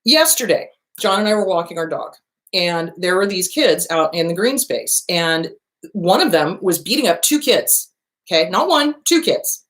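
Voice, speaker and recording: A woman's voice: on the low side, normal speed. Blunt, profane woman host. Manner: blunt, profane, animated storytelling. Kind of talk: casual monologue.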